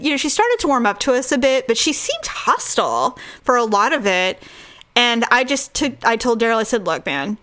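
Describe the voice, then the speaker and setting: A woman's voice: a little high, a bit bright. A woman telling a story in a casual podcast chat. She acts out the other people's lines and laughs often.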